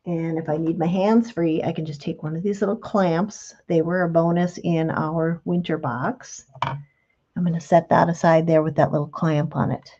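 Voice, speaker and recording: In a relaxed craft tutorial, a woman chats patiently through each step while working with her hands. Her low voice is steady and mellow at a moderate pace, and the highs are cut off.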